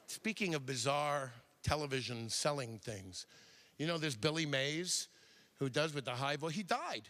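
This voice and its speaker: An older man doing stand-up comedy, chatty and digressive, slipping quickly into impressions. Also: on the high side, expressive, pushed and bright.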